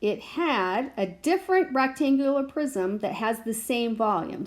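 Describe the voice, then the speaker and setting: A woman teacher talks through a math lesson at an unhurried pace. Her voice sits a bit high. She keeps checking in with her students as she thinks aloud. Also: animated. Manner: patient, checks in with "okay?" and "right?".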